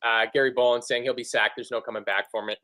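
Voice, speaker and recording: A man co-hosting a football fan show in casual chat, animated and sweary, often acting out other people's lines. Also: medium pitch, quick pace. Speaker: football podcast co-host.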